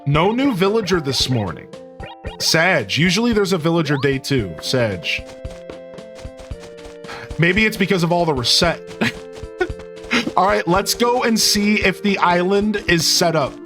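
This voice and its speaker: Excitable male streamer, high bouncy voice, chatting over faint game music. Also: measured pace. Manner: excitable, talks to chat, says "dude" a lot. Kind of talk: casual gameplay commentary.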